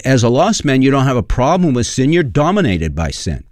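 A man's voice: medium pitch, very animated, a little fast, a little mellow, dry recording, studio quality. A man preaching a sermon in an earnest, conversational way, with frequent fillers as he reads and explains scripture.

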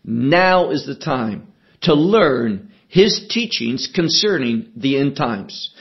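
A man preaching a sermon, explaining a scripture passage in slow, deliberate teaching with emphatic stresses. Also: medium pitch, animated, muffled recording.

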